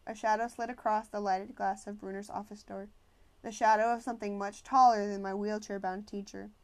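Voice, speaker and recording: Female audiobook narrator, mid pitch, measured storytelling. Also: a little mellow. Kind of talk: first-person novel narration.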